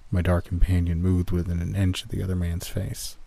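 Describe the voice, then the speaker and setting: A man narrating a first-person horror story in a steady, measured way. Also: deep voice, gravelly, no room sound.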